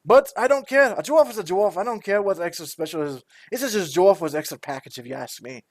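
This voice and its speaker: Hammerfell, a man playing a jovial male dwarf tinkerer, booming and raised in pitch, dry sound, for a tabletop game. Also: expressive, fairly quick, dry recording. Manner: boisterous, jovial, calls people laddie. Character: cheery gruff male dwarf repairman.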